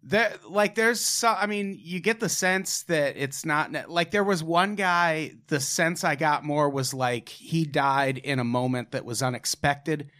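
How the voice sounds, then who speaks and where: A man in casual podcast chat, retelling stories in a relaxed, conversational way with many fillers. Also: on the high side, unhurried, hardly any pauses.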